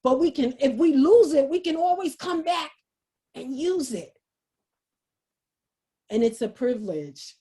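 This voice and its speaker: A woman giving an earnest, halting personal testimony on a video call, often repeating her words. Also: sits high, animated, warm tone. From New York, USA. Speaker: guest speaker.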